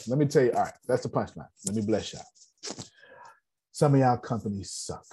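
A man's voice: mid-range voice, fairly quick, long pauses, mellow, slight background noise. A man coaching an online business meeting in a blunt, joking way, repeating his phrases with a preacher-like rhythm. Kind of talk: animated motivational talk.

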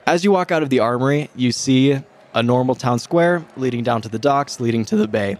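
A man's voice: mid-range voice, fairly quick. Man narrating as game master. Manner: descriptive, steady.

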